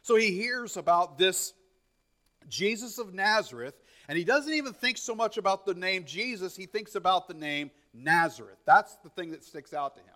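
Animated, fairly high-voiced male preacher. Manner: conversational teaching with frequent "okay?" checks; animated, acts out quotes with rising pitch. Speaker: pastor. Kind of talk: sermon.

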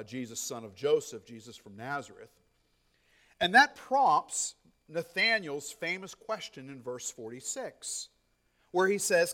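A man preaching a sermon in a conversational teaching style, often checking in with "okay?" and acting out quotes with lively excitement. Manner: animated, acts out quotes with rising pitch. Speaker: pastor.

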